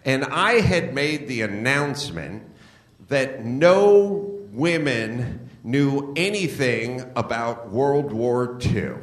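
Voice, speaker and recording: A man's voice: mid-range voice, animated, slow pace. A middle-aged man hosting a comedy podcast, delivering a blunt, profane, mocking rant to a live audience. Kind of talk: ranting live comedy monologue. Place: live show venue. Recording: echoey live venue.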